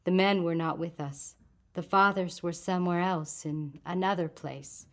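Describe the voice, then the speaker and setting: A woman reading the part of a grieving adult refugee woman, speaking softly with controlled bitterness. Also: on the low side, fairly even intonation, measured pace, lightly acted. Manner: soft, hushed, controlled grief.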